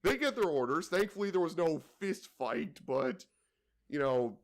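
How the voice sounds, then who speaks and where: A man's voice: a little high, lively intonation, normal speed. A young man co-hosting a podcast, telling a work story in a rambling way, full of "you know" and "like". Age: young adult. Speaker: podcast co-host. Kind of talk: casual chat, telling work stories.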